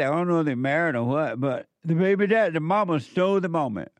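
A man's voice: a little high, quick pace, few pauses, dry recording. Preachy radio host man, dry sound. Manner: preachy, emphatic, repeats phrases. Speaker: radio talk show host. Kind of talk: call-in radio talk.

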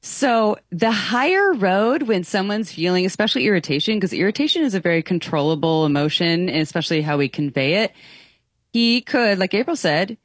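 A woman guest on a talk show who calmly explains her views on communication. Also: on the low side, a little fast, no room sound, studio quality. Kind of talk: casual talk show conversation.

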